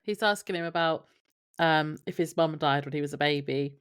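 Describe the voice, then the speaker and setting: Low-voiced woman chatting casually. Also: normal speed, clean tone. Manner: relaxed, brief agreeing replies. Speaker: podcast co-host. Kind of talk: casual chat, reacting to a TV recap.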